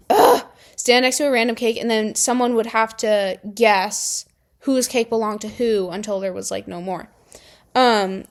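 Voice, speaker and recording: A young adult woman telling high school stories in a casual vlog, chatty with lots of filler words and exasperated outbursts. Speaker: vlogger.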